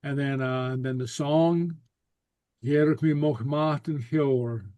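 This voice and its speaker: A man teaching a Gaelic class over a video call, relaxed and full of fillers and repeated okays. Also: mid-range voice, takes it slowly, no echo.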